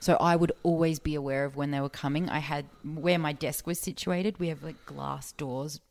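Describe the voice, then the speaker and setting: A woman's voice: low voice, fairly even intonation, moderate pace, gravelly, a little mellow, dry recording. A woman in her thirties from Australia with an Australian accent, a guest telling stories in casual chat with lots of fillers. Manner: chatty storyteller, many fillers.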